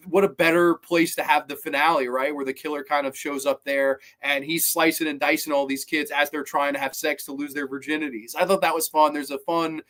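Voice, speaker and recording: A man's voice: on the high side, fairly bright tone. A man in his twenties giving a casual spoken film review, enthusiastic and swearing freely. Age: 20s. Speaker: movie reviewer.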